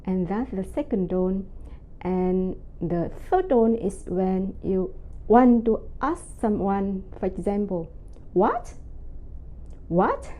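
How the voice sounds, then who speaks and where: A woman teaching a pronunciation lesson, speaking slowly and carefully and drawing out her example syllables. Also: medium pitch, dark tone. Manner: slow, careful enunciation with drawn-out example syllables. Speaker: language teacher. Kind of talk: slow, deliberate pronunciation lesson.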